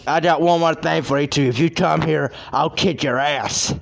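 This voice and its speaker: A man's voice: on the high side, normal speed, vocal fry. A man hosting a podcast, delivering a furious, insulting, threatening rant. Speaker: podcast host. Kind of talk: angry ranting podcast.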